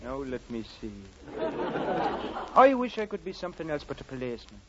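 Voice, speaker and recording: A man's voice: medium pitch, sing-song, a little fast, a loud crowd, natural voice. An actor playing a hearty, chuckling Irish policeman turned setter dog, with a put-on Irish brogue, in 1940s radio comedy. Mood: wistful. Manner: hearty, chuckling, flirtatious blarney. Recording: noisy, muffled 1940s radio recording.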